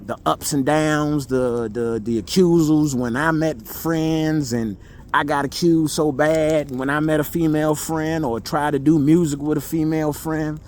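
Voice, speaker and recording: Raw, high-voiced man venting. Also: steady tone, unhurried, darkish tone, a little hiss or hum. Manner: raw, blunt, profane, repeats himself for emphasis. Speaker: vlogger. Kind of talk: emotional monologue.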